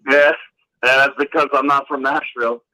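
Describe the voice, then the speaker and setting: Bright-voiced joking Rhode Island man. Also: mid-range voice, flat delivery, moderate pace, poor audio. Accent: New England. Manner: jokey, laughs between lines. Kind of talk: casual group chat.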